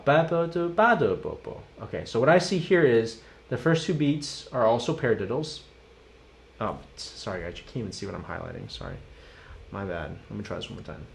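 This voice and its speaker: A man's voice: on the low side, gravelly, slight background noise. A man teaching a live-streamed drum lesson. He talks through rhythms by chanting the sticking in syllables, casually and encouragingly, and chats with viewers.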